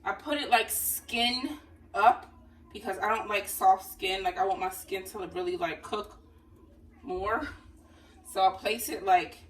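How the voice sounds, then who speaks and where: A woman's voice: medium pitch, measured pace, far from the mic. A woman vlogger, chatting to her viewers as she cooks dinner and calling them honey. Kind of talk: casual cooking vlog. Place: home kitchen. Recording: voice a bit off-mic with faint room noise.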